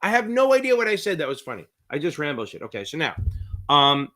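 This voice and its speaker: A middle-aged man with a New Jersey accent, tutoring on a live-stream Q&A in a rambling, profane, excitable way. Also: fairly high pitch, fast talker. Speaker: exam prep tutor.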